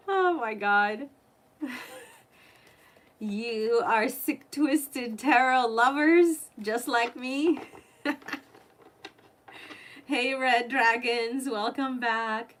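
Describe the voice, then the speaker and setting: A woman's voice: a little high, extremely slow, pauses often, fairly bright tone. A woman tarot reader live-streaming a reading, chatty and openly emotional as she talks to her viewers.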